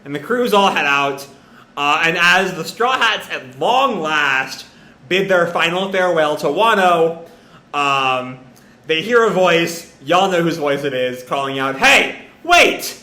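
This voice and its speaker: A man's voice: a little high, unhurried, bright, forceful tone. A young man casually reading out a manga chapter and reacting, chatty with many fillers. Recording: roomy echo.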